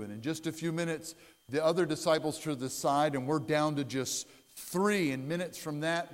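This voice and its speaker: A man preaching a sermon as pastor. He speaks earnestly and swings between loud, dramatic lines and hushed ones. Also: on the high side, moderate pace. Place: church sanctuary. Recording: long church-hall reverb.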